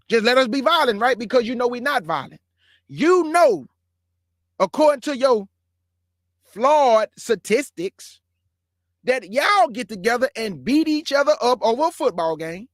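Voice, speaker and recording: High-voiced man, earnest impassioned monologue. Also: a bit bright, dry recording, studio quality. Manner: earnest, addresses listeners as family and bruh; grows heated and emphatic. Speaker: show host.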